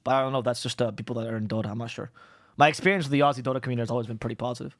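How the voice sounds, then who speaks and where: A man, an esports caster, chatting on a panel and telling stories in a fast, animated way. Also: medium pitch, dry recording. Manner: fast, animated storytelling, swears and laughs often. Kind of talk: casual panel chat.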